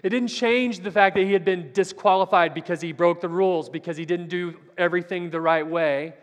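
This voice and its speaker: 男性布道者，教堂大厅长回声. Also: male voice, high-pitched, steady tone, a little fast. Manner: storytelling, earnest, swings from loud to very soft. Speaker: preacher. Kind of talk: Sunday Bible class sermon. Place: church. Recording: long church hall reverb.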